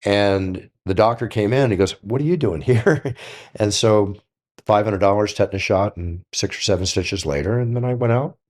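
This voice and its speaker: An older man telling stories on a podcast in a casual, animated way, acting out the dialogue. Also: lowish voice, moderate pace. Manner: animated, acts out quoted dialogue. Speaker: guest storyteller.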